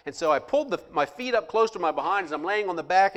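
Animated man telling a story. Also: high-pitched, quick pace. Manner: animated, acts out the people he quotes. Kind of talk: personal anecdote told to listeners.

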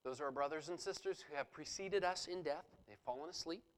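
A man's voice: on the high side, fairly quick, rough recording. A man preaching a sermon, explaining a scripture passage verse by verse and reading passages aloud with rising intensity. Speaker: pastor.

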